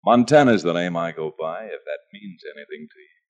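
An actor playing a calm, cocky outlaw gunslinger who talks in clipped, menacing lines, in a 1940s radio western. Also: male voice, sits low, fairly quick. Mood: cool. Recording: dull old radio recording.

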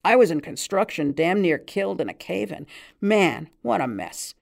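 A woman's voice: fairly low pitch, lively intonation, moderate pace, gravelly. A woman reading aloud, voicing an eager New York barman who talks in folksy working-class slang with a New York accent. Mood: earnest. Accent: New York, put on. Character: chatty New York male barman, hopeful.

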